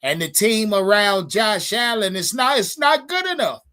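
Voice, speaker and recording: A high-pitched man hosts a live sports stream. He talks casually and profanely, calling out to his chat in an animated way. His voice sits well above the usual range for a man. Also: moderate pace.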